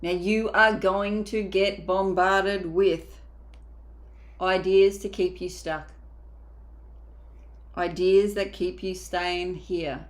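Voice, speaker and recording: A woman's voice: on the low side, fairly even intonation, takes it slowly, long pauses. A woman mindset coach giving a motivational coaching talk, emphatic and casual, sometimes acting out inner voices.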